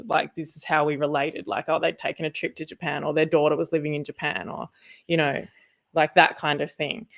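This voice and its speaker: A woman co-hosting a podcast, talking casually with lots of fillers and asides. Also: sits low. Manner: rambling, many fillers, quick asides. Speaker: podcast co-host, former journalist.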